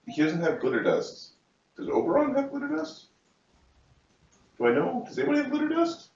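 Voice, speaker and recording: Lively low-voiced man at a game table. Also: a little fast, vocal fry, roomy sound, distant mic, dull audio. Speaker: player. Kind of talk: casual chat at a game table.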